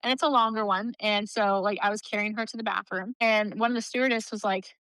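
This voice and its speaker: A woman's voice: mid-range voice, fairly even intonation, fast talker, few pauses, a bit bright, clear, resonant tone, dry recording, rough recording. A woman in her thirties, a nonprofit leader and podcast guest, chatting casually and telling stories with lots of "like" and bursts of laughter. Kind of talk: casual interview storytelling.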